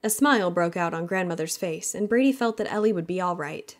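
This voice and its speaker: A woman narrating a romance audiobook in an even, measured way. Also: fairly low pitch. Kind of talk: scripted narration.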